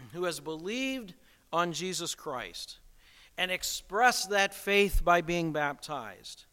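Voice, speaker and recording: A man's voice: sits high, sharp tone, clean tone. A man preaching a sermon, emphatic and posing rhetorical questions to the congregation. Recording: long reverb of a hall.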